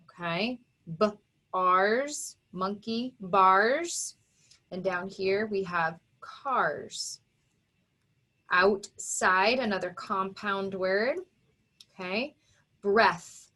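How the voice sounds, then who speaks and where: A woman's voice: medium pitch, fairly bright tone. A woman teacher giving a reading lesson to young children, patiently sounding out letters and syllables.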